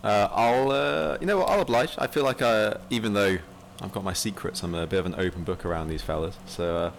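A man's voice: lowish voice, fairly quick, vocal fry, a little hiss or hum. A man playing a tabletop game, rambling enthusiastically in casual chat. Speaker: player.

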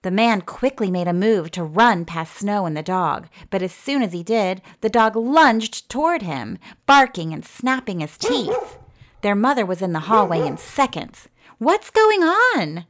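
A woman narrating a fairy tale in a gentle storytelling manner. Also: mid-range voice, animated, unhurried.

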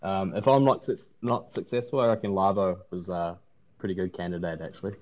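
A man's voice: low voice, steady tone, brisk, a little mellow. A man with a New Zealand accent, laid-back and joking in casual chat. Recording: dull lo-fi mic.

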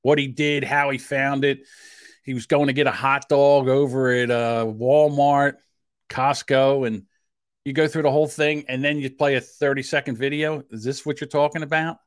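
A man with a South Jersey accent co-hosts a podcast in a casual, argumentative way. He gets defensive fast and pushes his pitch up when he presses a point. The sound is dry and close, with no room around it. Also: little pitch movement, no room sound. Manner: defensive, heated, quick to rise in pitch; admits a short temper. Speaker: podcast co-host.

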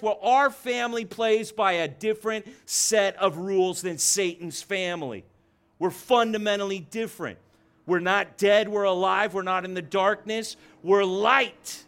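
High-voiced, fervent male preacher. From United States. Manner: passionate, emphatic preaching with repetitions. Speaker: pastor. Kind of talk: sermon.

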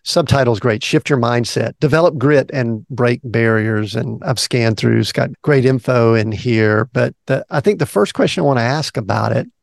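A man hosting an interview, praising the guest's book in a friendly way and leading slowly into his question. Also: medium pitch, vocal fry, dry recording, studio quality. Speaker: podcast host.

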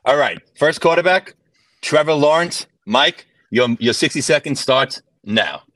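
A man's voice: fairly high pitch, expressive, unhurried, a bit bright, dry recording. A man moderating a sports podcast, keeping his panel in line with an upbeat tone. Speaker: show moderator.

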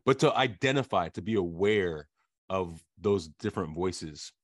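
A male interview host with a lowish voice, recorded dry and close with no room sound. He thinks aloud and hesitates with fillers as he frames his questions, reflective rather than brisk. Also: animated, no room sound. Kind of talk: conversational interview.

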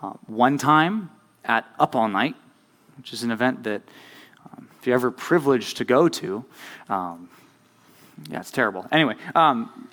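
His voice is medium-pitched and fairly bright, with lively intonation, normal speed, and long pauses. A young youth pastor, he preaches to a youth group as though chatting with them. He repeatedly asks "right?" to keep his listeners engaged throughout the sermon.

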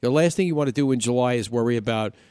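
A man's voice: medium pitch, racing, a little mellow, clear, resonant tone, no echo, studio quality. A man with a New York accent hosting a live weekend radio show, upbeat and jokey, chatting loosely with restarts. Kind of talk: casual radio chat.

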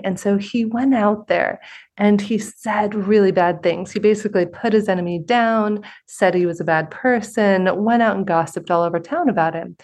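A woman hosting a spiritual interview podcast, telling stories in an earnest, animated way. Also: medium pitch. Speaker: podcast host. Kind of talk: conversational interview with storytelling.

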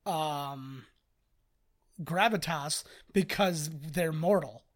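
A man's voice: fairly high pitch, extremely slow. A man co-hosting a casual movie commentary podcast, rambling with fillers as he shares film trivia. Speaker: podcast co-host.

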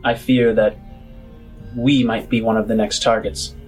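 A man's voice: on the low side, level tone, measured pace, soft background music, close to an everyday voice, low-quality recording. A man voicing a cocky, guarded halfling woman who runs a criminal bar, speaking in a cool, commanding way during a tabletop game. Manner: cool, commanding, quietly self-assured.

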